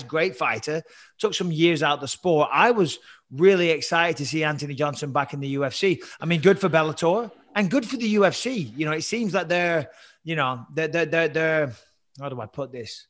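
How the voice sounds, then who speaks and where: A man co-hosting a casual sports chat, animated, laughing and swearing freely. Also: a little high, brisk. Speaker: podcast co-host.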